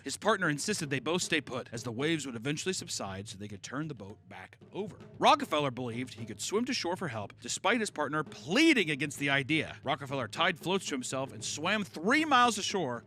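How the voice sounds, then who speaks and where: Animated jokey male podcast host. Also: a little high. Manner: sarcastic, jokey asides and silly put-on voices. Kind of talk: comedic storytelling.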